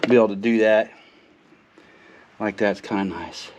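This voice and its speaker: A man's voice: lowish voice, steady tone, moderate pace, darkish tone, a little hiss or hum. A man casually explaining a car repair as he works in his garage, folksy and rambling with lots of fillers, moving near and away from the camera mic. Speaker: car mechanic vlogger. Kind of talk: casual how-to narration while working. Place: home garage, working on a car.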